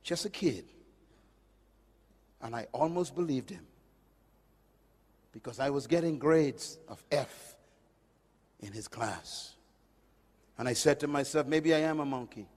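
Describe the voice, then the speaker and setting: A man preaching a sermon, emphatic, swinging from loud declarations to hushed lines. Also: mid-range voice, expressive, slow, long pauses, breathy edge. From Caribbean island. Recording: long hall reverb.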